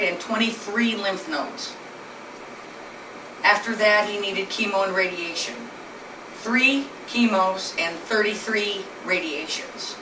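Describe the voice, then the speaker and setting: A woman telling her husband's illness story in an earnest, plainly spoken way, speaking from a distance in a noisy, echoey room. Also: mid-range voice. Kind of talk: personal storytelling presentation.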